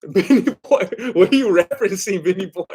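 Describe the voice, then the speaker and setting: A man with a slightly high-pitched voice hosts a casual live stream. He chats loosely with his viewers and reads their comments aloud. He laughs often and drifts a bit while eating. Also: lively intonation, fairly quick, darkish tone. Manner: chatty and scattered, laughing often. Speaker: livestream host. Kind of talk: casual live watch-along chat reading viewer comments.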